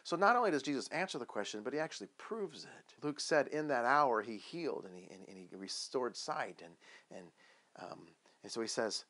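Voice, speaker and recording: A man preaching a sermon as pastor, telling a Bible story with lively questions and acted-out lines. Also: medium pitch, normal speed. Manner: animated storytelling, acting out biblical voices with questions.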